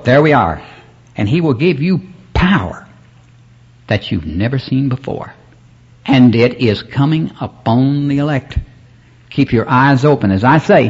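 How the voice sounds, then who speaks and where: Husky-voiced male preacher, rambling sermon with congregation call-outs, muffled cassette sound. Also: fairly low pitch, darkish tone. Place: church service. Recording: dull lo-fi cassette recording.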